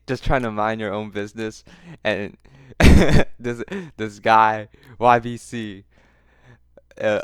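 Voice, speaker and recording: Casting: male commentary host, smooth and crisp, close dry sound, teasing, laughs a lot. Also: on the low side, no echo. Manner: mocking, laughs often, repeats phrases for effect. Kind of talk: reaction commentary.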